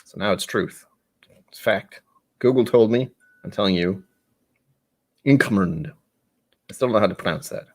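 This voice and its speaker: A man's voice: fairly low pitch, moderate pace, pauses often. A man hosting a live stream in casual chat, rambling and self-mocking, with the odd casual swear. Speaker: livestream host.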